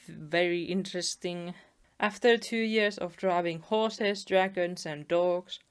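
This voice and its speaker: A woman, narrating softly and chattily about her old art. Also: lowish voice, clear, resonant tone. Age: 20s. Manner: soft, chatty, laughs at herself. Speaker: artist vlogger. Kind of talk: casual narration over speedpaint.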